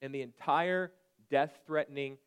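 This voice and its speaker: Man preaching a lively sermon. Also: a little high, unhurried, clear, resonant tone. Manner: conversational preaching with sudden shouted commands. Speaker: pastor.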